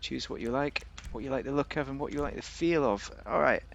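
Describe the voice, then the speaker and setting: A man's voice: mid-range voice, fairly quick, gravelly, lo-fi sound, a little hiss or hum. A man giving a casual, rambling, jokey commentary while reviewing a car in a video game.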